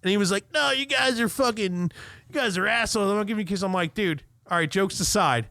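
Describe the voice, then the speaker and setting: A man co-hosting a podcast, telling a profane, animated story in casual chat. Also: sits high, quick pace, gravelly, no echo. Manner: profane, animated retelling with quoted rants. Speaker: podcast co-host.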